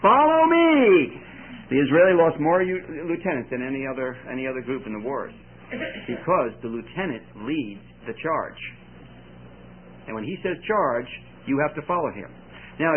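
A man preaching a sermon, telling stories with lively delivery and sudden shouted quotes. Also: medium pitch, normal speed. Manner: animated storytelling with shouted quotes. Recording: tinny phone-like recording with faint hiss.

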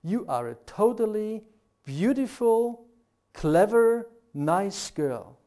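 Preaching a sermon, this middle-aged man speaks with a German accent, German being his first language. His voice sits high and his pace is slow, and his earnest delivery climbs toward animated rhetorical questions.

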